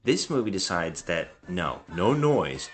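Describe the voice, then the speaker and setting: A man's voice: low-pitched, sing-song, unhurried. A man co-hosting a casual podcast about bad movies, joking and rambling through his review. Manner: joking, rambling, does mock impressions. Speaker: podcast co-host.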